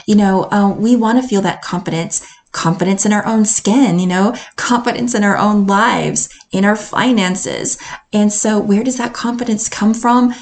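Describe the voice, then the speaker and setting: A woman's voice: mid-range voice, normal speed, darkish tone. Upbeat American woman podcasting. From North Carolina, USA. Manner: upbeat and enthusiastic, laughs often. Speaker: confidence coach and podcast host. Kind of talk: solo podcast monologue.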